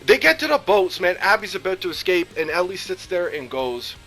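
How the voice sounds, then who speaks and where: A man tearing into a video game in a furious, swear-laden rant, his voice bright and fairly high. He lurches from loud outbursts to low muttering. Faint music plays behind him. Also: big pitch swings, brisk. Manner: heated, profane, swings between loud outbursts and low muttering. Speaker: gaming YouTuber.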